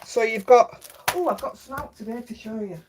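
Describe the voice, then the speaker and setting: Yorkshire lady chatting on her craft live, higher voice, reads out comments. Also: moderate pace, a little mellow, a little hiss or hum. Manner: chatty, reads out viewer comments, laughs easily. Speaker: craft livestream host. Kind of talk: casual live chat.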